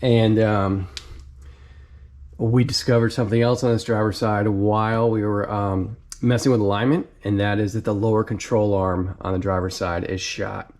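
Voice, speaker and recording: A man's voice: fairly low pitch, flat delivery, normal speed, darkish tone. Laid-back young guy hyped about car parts. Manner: enthusiastic, laid-back slang. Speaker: car modding vlogger. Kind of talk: casual garage vlog.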